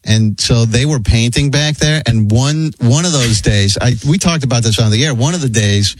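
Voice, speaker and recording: A man's voice: mid-range voice, normal speed, no room sound, rough recording. A man hosting a radio show, telling a workplace story in casual banter. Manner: lively storyteller, quotes people in put-on voices.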